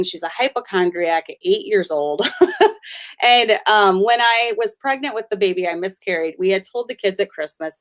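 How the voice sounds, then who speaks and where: Chatty woman host telling stories. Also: medium pitch. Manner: chatty, laughs between anecdotes. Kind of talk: conversational storytelling.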